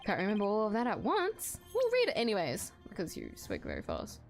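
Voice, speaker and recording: A woman commenting on her video game playthrough in an excitable, giggly way. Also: medium pitch, brisk, creaky, few pauses. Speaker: gamer. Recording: faint background music.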